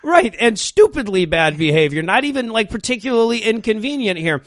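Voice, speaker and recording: A man's voice: sits high, very animated, fairly bright tone, no room sound, clean studio sound. A man co-hosting a comedy podcast, riffing sarcastically on a movie and laughing easily. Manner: sarcastic, quick to laugh, slips into silly voices. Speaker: podcast co-host.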